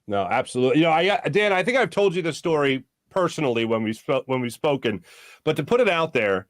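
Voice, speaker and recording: A man in his thirties hosting a sports talk show, interviewing a guest in a quick, chatty, enthusiastic way. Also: a little high, expressive, dry recording, studio quality. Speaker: sports radio host.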